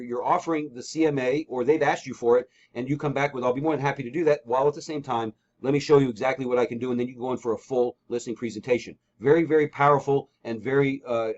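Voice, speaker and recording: Male sales trainer, quick and emphatic, on a muffled lo-fi call line. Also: mid-range voice, a little mellow. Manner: emphatic, repetitive, coaching with sample scripts. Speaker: real estate trainer. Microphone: call recording. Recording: dull lo-fi call audio.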